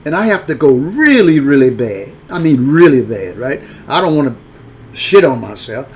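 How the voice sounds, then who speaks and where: A man's voice: mid-range voice, big pitch swings, moderate pace, slight background noise. A man telling a personal story in a frank, rambling folksy way, full of restarts. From rural upbringing.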